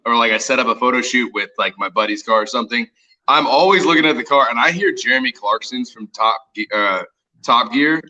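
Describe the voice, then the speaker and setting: A man's voice: medium pitch, brisk, pushed and bright, muffled recording. A man from Southern Arkansas chatting easily on a casual podcast.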